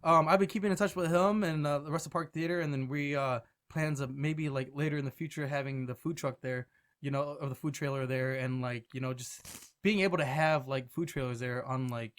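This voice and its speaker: A young man, a podcast guest, telling a story in casual chat, animated, with swearing and laughter. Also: a little high, a little fast. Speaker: podcast guest, restaurant manager and food truck owner.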